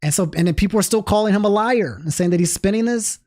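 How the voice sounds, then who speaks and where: This is casual stream commentary from a man with a high-pitched, fast voice who talks to his chat as he livestreams. He rambles, frequently starts over, and makes lively asides to viewers.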